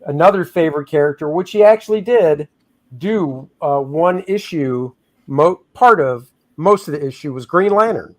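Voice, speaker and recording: A man's voice: on the high side, animated, normal speed. Joking man chatting on a livestream. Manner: joking, reads chat comments aloud. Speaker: comic artist hosting a livestream. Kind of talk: casual livestream chat.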